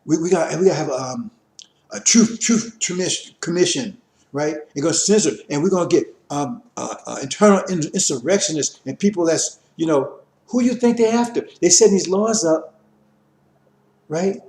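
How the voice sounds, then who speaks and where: Man, impassioned lecture, preachy, repetitive, high voice, echoey room. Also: moderate pace. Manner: preachy, repetitive, rising to forceful emphasis. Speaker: religious teacher.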